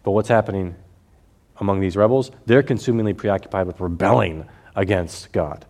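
Male Bible teacher, lowish voice, methodical explainer who repeats key lines and slows down to read scripture. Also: a little mellow.

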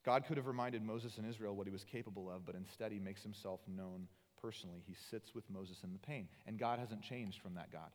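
A man preaching as a pastor, earnest, moving between loud emphatic lines and soft, intimate passages. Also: fairly low pitch, a little fast, hardly any pauses. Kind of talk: sermon. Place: church sanctuary. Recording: long hall reverb.

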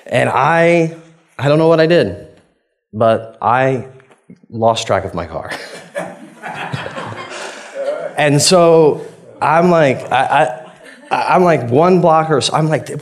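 A man's voice: medium pitch, lively intonation, unhurried. A man, preaching a conversational sermon. He tells a personal story in a chatty, self-deprecating way, laughing often and acting out his own reactions. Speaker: pastor.

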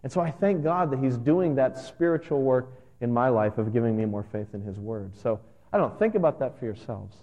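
30s guy pastor giving a chatty sermon, warm low tone, kinda lo-fi churchy reverb. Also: a little fast. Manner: conversational, earnest, animated at times. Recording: dull lo-fi sound with long hall reverb.

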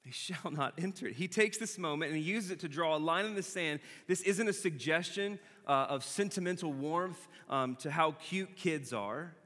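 A man preaching a sermon in a church, talking casually and repeating key phrases slowly for emphasis. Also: fairly high pitch, pushed and bright, in a large hall. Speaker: pastor. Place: church sanctuary.

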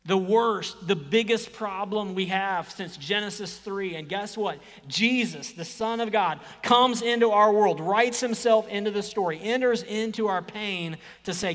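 High-voiced man preaching a sermon. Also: slow pace, in a large hall. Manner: swings from hushed whispers to loud emphatic exclamations; acts out quoted speech in lively voices. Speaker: pastor.

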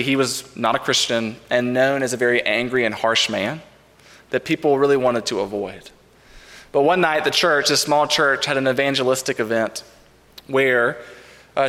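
A man preaching a sermon as pastor, earnest and measured, with repeated refrains. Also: medium pitch, fairly bright tone. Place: church sanctuary. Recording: reverberant church sanctuary.

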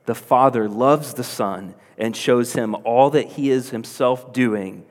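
A man's voice: mid-range voice, takes it slowly, a little mellow. A man preaching a sermon as pastor, earnest and building to emphatic, insistent peaks. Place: church hall. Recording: long hall reverb.

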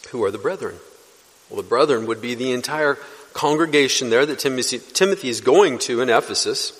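A man's voice: mid-range voice, fairly quick, a bit bright. A man preaching an expository sermon as pastor, teaching earnestly and lifting his voice to stress key words. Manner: earnest teaching, rising for emphasis. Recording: long reverb of a church hall.

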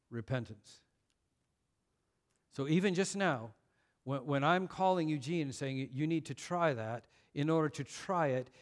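Emphatic storytelling preacher, man. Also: a little high. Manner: storytelling, rising to emphatic intensity. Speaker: pastor. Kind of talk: sermon.

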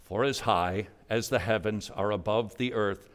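A male pastor preaching a sermon, swinging from loud, emphatic lines to hushed, near-whispered ones. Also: lowish voice, a little slow.

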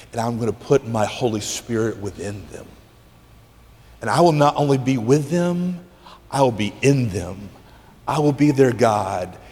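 A preacher voicing a hushed, tender God. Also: male voice, a little high, in a large hall. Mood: solemn. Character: God, a loving, resolute divine father.

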